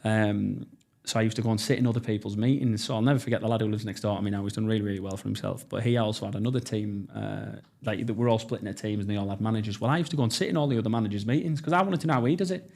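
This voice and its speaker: A man in his thirties from North East England, with the accent to match, speaks in a lowish, darkish, creaky voice at a racing pace with fairly even intonation. He's a podcast guest in a casual storytelling interview, telling his story bluntly and enthusiastically and swearing freely.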